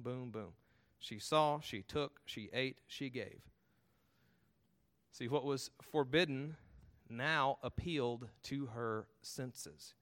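Male pastor, middle-aged, mid-pitched voice, preaching with emphatic rhetorical questions. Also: a bit bright. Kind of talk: expository sermon.

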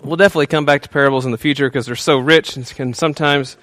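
A pastor whose voice runs on the high side preaches very fast in an easygoing, conversational style full of fillers and small chuckles. He switches to a soft, hushed voice for prayer, and there's no echo on the recording.

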